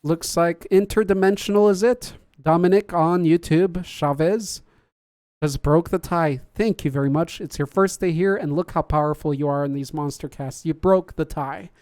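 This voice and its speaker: Brief: laid-back podcast host, mid-pitched, dry close sound, chats and laughs with live viewers. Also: a little mellow, dry recording. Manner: chatty, laughs often, jokes at own slips. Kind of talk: casual livestream chat.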